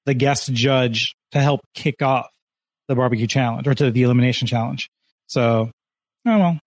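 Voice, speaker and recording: A man's voice: medium pitch, moderate pace, no echo. A man co-hosting a podcast in casual chat, easygoing and analytical. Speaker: podcast co-host.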